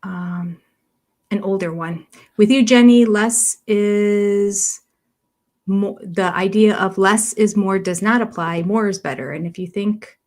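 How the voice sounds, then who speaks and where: A woman's voice: steady tone, takes it slowly, a little mellow. Chatty older woman livestream host. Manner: chatty, rambling, laughs often; coos in a high voice to her cats. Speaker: livestream host reviewing a reality show. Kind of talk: casual chat, reading viewer comments.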